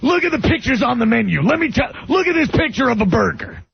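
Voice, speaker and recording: A gravelly, yelling TV pitchman. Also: sing-song, slight background noise, full character voice. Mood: ranting. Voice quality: gravelly, shouting. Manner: barking complaints, rapid rant. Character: loud cranky male TV pitchman yelling at diner waitress. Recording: dull lo-fi radio recording.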